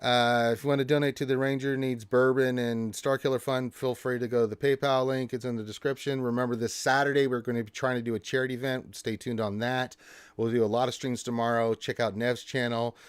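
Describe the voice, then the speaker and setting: A man's voice: medium pitch, flat delivery, brisk, clear, resonant tone, dry recording. A man hosting a livestream, chatting loosely with lots of fillers and wrapping up the show. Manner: loose, rambling, full of fillers. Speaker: livestream host. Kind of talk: casual stream chat and sign-off.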